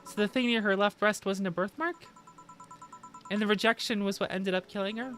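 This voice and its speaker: A woman's voice: medium pitch, fairly quick, a bit bright, faint music behind. A woman reading a visual novel's dialogue aloud on a stream, doing every part herself in a plain delivery.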